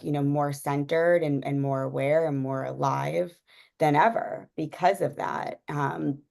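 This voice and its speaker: A woman's voice: low voice, fairly even intonation, a little slow, gravelly, a little mellow. A young woman telling a personal story in a casual, rambling way, with many fillers and frequent laughs. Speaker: guest sharing a personal story.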